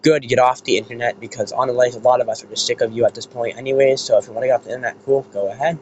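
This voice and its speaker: A man's voice: mid-range voice, steady tone, rapid-fire, darkish tone. An American man giving a rambling, casual rant as an online commentator, swearing freely. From United States. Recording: muffled lo-fi with faint hiss.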